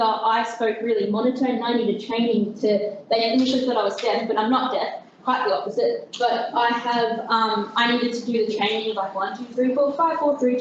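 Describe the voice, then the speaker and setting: A woman's voice: a little high, distant mic, slight background noise. A young woman giving an informal talk to a group, chatty and self-deprecating with many fillers and restarts. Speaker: guest speaker. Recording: very echoey, dull room recording.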